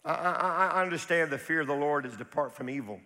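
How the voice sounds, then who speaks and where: A man preaching in a church, his voice high-pitched and bright. He tells stories quietly and confidingly, then builds to fervent, shouted climaxes. A long hall reverb trails every phrase. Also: animated, fairly quick. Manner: storytelling preacher who builds to impassioned shouting peaks. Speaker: pastor. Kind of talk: sermon. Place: church sanctuary.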